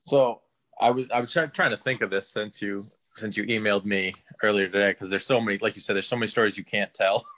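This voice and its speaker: A man's voice: on the low side, fairly even intonation, fast, fairly bright tone. A man guest on a podcast, telling a casual story and laughing as he goes. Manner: laughs through his story.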